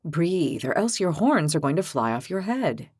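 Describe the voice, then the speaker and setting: Woman voicing calm ox-headed young man, lowered voice, patient, reasoning, gently teasing. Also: moderate pace, husky, no room sound, studio quality.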